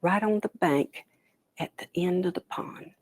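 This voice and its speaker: A woman storyteller telling a traditional folktale aloud, animated, with dramatic pauses and soft whispered asides. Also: fairly low pitch, slightly rough, no room sound.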